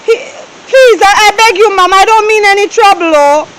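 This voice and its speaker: A woman's voice: extremely high pitch, moderate pace, fairly bright tone, slight background noise, low-quality recording. A woman playing a tearful young Jamaican maid. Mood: pleading. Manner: pleading, tearful, ends phrases with "oh". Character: young, pleading household maid.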